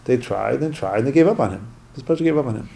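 A man with a gravelly, creaky voice teaches by retelling an old story at a medium pitch. He pauses now and then for musing asides to his listeners. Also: expressive, mellow. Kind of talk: storytelling lesson.

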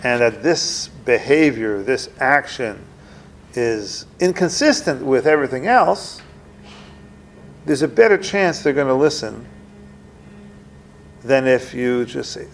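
A man's voice: animated, takes it slowly, gravelly, pauses often, a little hiss or hum. A man giving an informal religious talk in a conversational way, often acting out little dialogues and repeating phrases as he makes his point. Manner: conversational, plays out dialogues with rising pitch, repeats himself.

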